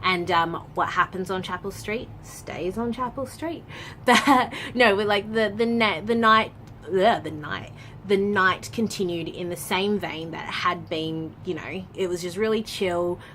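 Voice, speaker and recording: A young adult woman vlogging, telling a story in a chatty, lively way, full of "like" and casual swearing. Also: mid-range voice, a little slow, slight background noise. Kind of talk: story time vlog.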